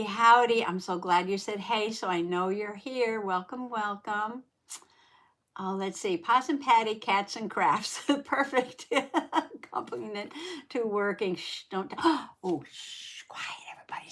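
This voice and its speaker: A woman hosting a casual craft livestream, chatty and quick to laugh, reading out chat comments and repeating herself, with allergies that make her clear her throat. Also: medium pitch, fairly bright tone. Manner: says howdy and reads chat comments aloud.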